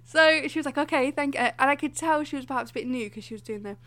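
A young woman with a slightly high voice tells an animated story, acting out other people's lines as she goes. Her voice comes across dry and close, with no room sound. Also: fast talker, dry recording. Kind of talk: casual chat.

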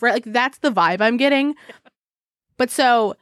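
A woman from Arizona co-hosting a casual podcast, animated, laughing often and swearing freely. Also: fairly high pitch, moderate pace, dry recording, clean studio sound. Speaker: podcast co-host. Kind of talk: casual chat. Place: home.

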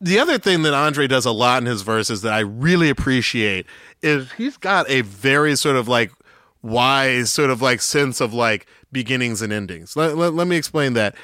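A man's voice: medium pitch, lively intonation, normal speed, pushed and bright, no room sound, studio quality. A man from Atlanta co-hosting a podcast, musing enthusiastically through a casual music breakdown. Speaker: podcast co-host. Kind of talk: casual music-discussion chat.

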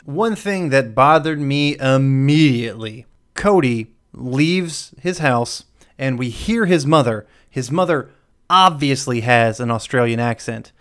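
A man hosting a podcast and breaking down a movie in casual chat, blunt and quick to swear. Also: medium pitch, lively intonation, smooth. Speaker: podcast host.

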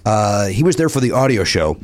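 A man's voice: fairly low pitch, a little fast. A middle-aged man hosting a podcast, telling a travel story in casual chat and acting out what others said. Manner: animated, acts out other people's lines. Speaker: podcast host.

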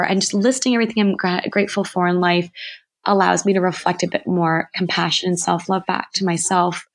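A woman's voice: lowish voice, steady tone, brisk. A woman speaking as a podcast guest, thoughtful and candid in a reflective conversation.

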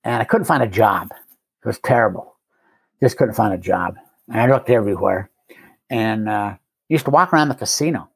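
A man's voice: on the low side, moderate pace, vocal fry, long pauses, husky, no echo. A middle-aged man telling his own story casually, with wry, self-mocking humor and frequent chuckles. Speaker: guest speaker in recovery.

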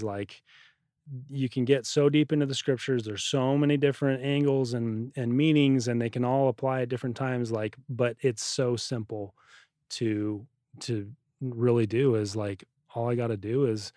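A man's voice: mid-range voice, a little mellow, no echo, clean studio sound. A man co-hosting a faith podcast, speaking earnestly and thoughtfully with frequent restarts. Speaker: podcast co-host. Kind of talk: casual testimony chat.

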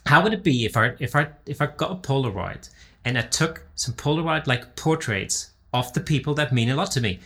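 A man's voice: medium pitch, lively intonation, fairly quick, bright, forceful tone. A man in casual conversation, rambling, with many restarts and fillers. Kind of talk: casual chat.

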